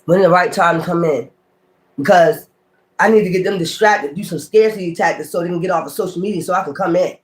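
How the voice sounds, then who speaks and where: A man's voice: high voice, fast talker. A man reading tarot on his own channel, talking off the cuff in a profane, confrontational rant that waves off his critics as weirdos. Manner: profane, confrontational, repeats taunts; dismissive, calls critics weirdos. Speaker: tarot reader.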